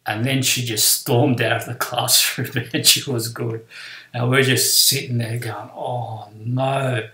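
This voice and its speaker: A man's voice: medium pitch, little pitch movement, measured pace, pushed and bright, reverberant, rough recording. A man telling a personal story from his school days, acting out the voices of his teacher and classmates. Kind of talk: personal anecdote.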